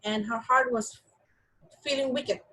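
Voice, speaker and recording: A woman's voice: on the high side, fairly even intonation, a little slow, bright, forceful tone, poor audio. A woman teaching an English class, reading a story and explaining it, often checking in with her students.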